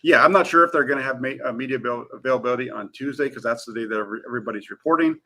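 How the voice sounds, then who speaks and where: Sports reporter dude, talks super fast, bright punchy voice, lots of uhs. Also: male voice, mid-range voice. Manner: eager and energetic, frequent fillers. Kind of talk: casual sports talk.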